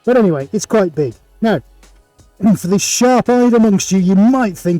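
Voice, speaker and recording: A middle-aged art livestream host talks through his painting session in a home studio with several cameras, bringing chatty, joking showman energy to his upbeat presentation. His high voice is warm and animated at normal speed, free of echo, over soft background music.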